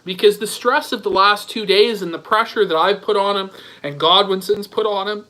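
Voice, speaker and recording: A man's voice: high-pitched, steady tone, moderate pace, sharp tone, rough recording. A man commentating on another stream in a sneering, profane, mocking way.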